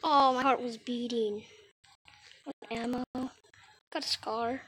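A woman's voice: on the high side, fairly even intonation, slow, background noise. A woman giving casual gameplay commentary for her video channel, playful and teasing. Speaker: YouTube gamer.

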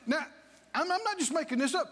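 Male pastor, very high voice, animated delivery, long church reverb. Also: fairly quick. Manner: animated preaching that swings from low asides to shouted declarations. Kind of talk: sermon. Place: church sanctuary.

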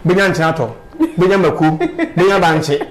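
Man, high voice, animated, emphatic exclamations, street interview. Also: a little fast, noisy background.

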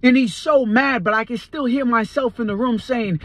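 Fervent high-voiced man giving testimony. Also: moderate pace, hardly any pauses, no echo. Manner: earnest, fervent, repeats phrases for emphasis; tells events as a dream story. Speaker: Christian testifier. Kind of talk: personal testimony.

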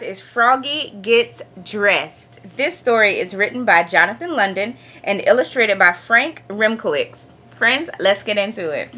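A woman hosting a children's storytime, reading aloud playfully and slowly in a high voice. Her tone is bright and a little breathy, and her pitch swings widely as she acts out the sound effects. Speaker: storytime reader.

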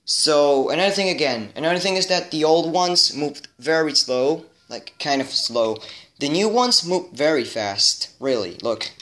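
A man's voice: a little high, expressive, a little slow, a bit bright. A man making a casual video, chatting straight to his viewers as he shows off toy robots in a rambling way. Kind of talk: casual show-and-tell to camera.

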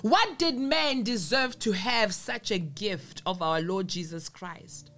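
A woman's voice: medium pitch, slow pace, a bit bright, faint music behind. A woman preaching a sermon in an earnest manner, repeating phrases for emphasis.

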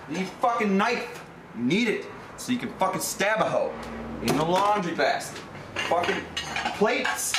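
A young man runs a crude, swear-laden cooking demo in a brash, instructional rant. His voice sits a little high. It is an echoey home-video recording with clear noise behind him. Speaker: cooking show host. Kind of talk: profane comedic cooking demo. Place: kitchen and backyard grill.

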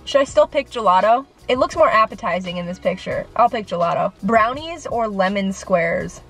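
A woman's voice: mid-range voice, animated, normal speed, fairly bright tone, husky, faint music behind. A young woman vlogging to camera in a rambling, self-deprecating casual chat, a little nervous. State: sweaty and nervous.

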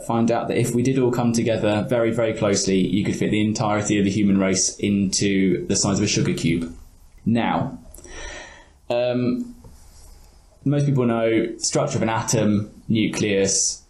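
A man's voice: fairly low pitch, fairly even intonation, moderate pace, a little mellow, reverberant. A man on a podcast panel giving a short prepared science talk with a dry, wry manner.

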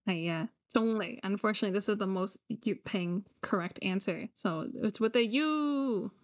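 A woman teaches and hosts a live online quiz, joking around with the players and switching between English and Cantonese in her Cantonese accent. Her voice is mid-range at normal speed, with music playing behind it.

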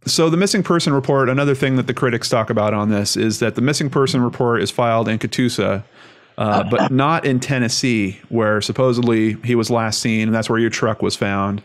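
A man hosts an interview in a calm, attentive way. He asks measured questions and offers short affirmations, with a voice at a middle pitch. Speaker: interview host. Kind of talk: casual interview conversation.

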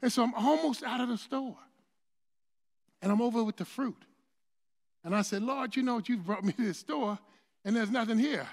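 A man with a very high voice preaches in a church, telling a story casually with restarts and rising to shouts. His voice rings out with a long hall reverb behind it. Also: normal speed, pauses often. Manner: builds to shouting crescendos; conversational storytelling with many restarts. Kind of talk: storytelling sermon. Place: church sanctuary.

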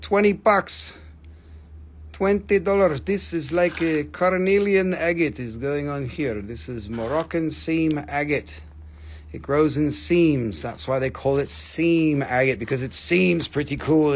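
A man hosting a live stone sale stream, joking and rapidly reading out prices and item codes. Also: a little high, slight background noise. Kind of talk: live stream sales chat.

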